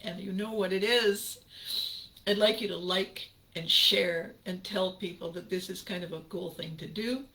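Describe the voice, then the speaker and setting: A woman hosting her own channel, talking casually to viewers, laughing often and drifting into slow, reflective musing. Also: lowish voice, fairly even intonation, sharp tone, a little hiss or hum. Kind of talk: casual livestream chat with viewers.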